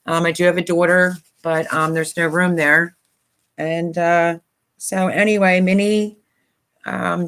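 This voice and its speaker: A woman's voice: lowish voice, fairly bright tone. A middle-aged woman from Pennsylvania talking on a live stream, choked up and close to tears, apologetic and rambling with many fillers. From Pennsylvania, USA. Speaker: YouTuber hosting a live stream. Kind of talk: emotional casual live-stream talk.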